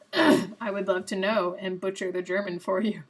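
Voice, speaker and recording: A young adult woman hosting a live stream, chatting casually and guessing out loud while she plays a quiz game, a little self-mocking. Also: medium pitch, fairly even intonation, unhurried.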